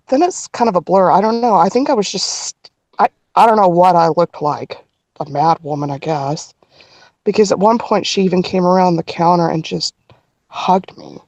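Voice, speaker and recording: A middle-aged woman telling a personal story as a podcast guest, earnest and halting, with frequent restarts. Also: on the low side, a little mellow, no echo.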